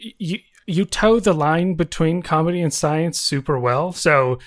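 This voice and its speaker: Thoughtful interviewer with halting restarts. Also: medium pitch. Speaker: interview host. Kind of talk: casual interview chat.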